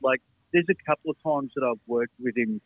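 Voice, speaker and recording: A man's voice: medium pitch, a little fast, no room sound, phone-quality sound. A man talking as a guest in a casual chat, enthusiastic and swearing casually.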